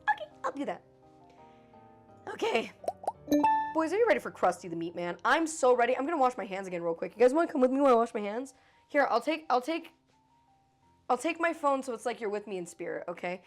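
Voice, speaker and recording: A young woman livestreaming, chatting casually and excitably with chat and a friend, swearing freely and joking around. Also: fairly high pitch. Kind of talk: casual live-stream chat.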